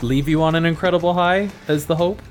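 A man hosting a podcast as game master, narrating a tabletop fantasy game in a measured, descriptive way. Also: a little high.

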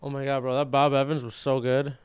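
A man's voice: medium pitch, little pitch movement, a little fast, clean tone, no echo. A young man co-hosting a podcast, laid-back and agreeable, laughing along. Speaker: podcast co-host. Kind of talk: casual chat.

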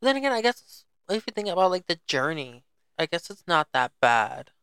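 Young co-host with sassy quick reactions. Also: medium pitch, very animated, vocal fry, fairly bright tone, clear, resonant tone, no echo. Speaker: podcast co-host. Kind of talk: casual chat.

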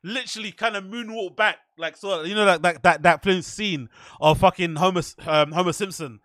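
A man with a high, bright voice tells loose, profane stories in a casual podcast chat. He rambles and doubles back through his anecdotes. The sound is dry and close. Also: brisk, no echo. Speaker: podcast host.

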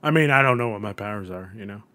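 A man co-hosting a podcast, reading a quiz aloud in a playful, rambling, animated way. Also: lowish voice, fast talker, dry recording. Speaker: podcast co-host.

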